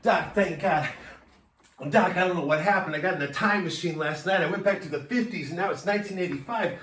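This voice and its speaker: A man playing a frantic comedian patient who keeps slipping into loud, jumpy put-on voices. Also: brisk, reverberant, recorded from a distance, slight background noise. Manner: frantic, loud, jumping pitch and pace between put-on voices. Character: manic male comedian lurching between impressions.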